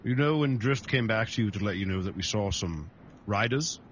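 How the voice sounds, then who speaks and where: A man's voice: fairly low pitch, expressive, normal speed, a little hiss or hum. Earnest man role-playing his character. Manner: earnest, rambling, clears throat. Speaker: player. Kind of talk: in-character tabletop role-play. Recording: dull lo-fi sound.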